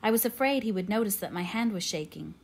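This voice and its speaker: A woman narrating an audiobook in a measured, quiet, steady way. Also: medium pitch, a little hiss or hum. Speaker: audiobook reader.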